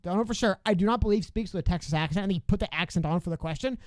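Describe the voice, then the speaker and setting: A man co-hosting a casual political podcast, talking quickly with sarcastic asides. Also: high voice, dry recording. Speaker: podcast co-host.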